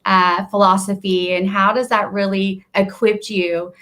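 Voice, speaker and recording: A woman hosting an interview, speaking in a quick and conversational way as she shares her experience and asks her guest questions. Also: mid-range voice, level tone, fairly bright tone. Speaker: host. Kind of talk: casual interview talk.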